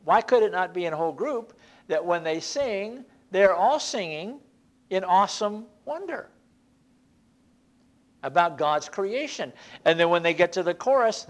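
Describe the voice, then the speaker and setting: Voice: mid-range voice, lively intonation, a little slow. A Bible class teacher giving an informal church lesson in a conversational, folksy way, often repeating and restarting phrases.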